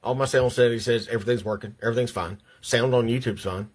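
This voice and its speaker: An older man, a vlogger, rants angrily to his viewers from home, sounding shaky and upset and tripping over repeated words. His voice sits at a medium pitch with fairly even intonation, and he talks fast with a slightly rough quality.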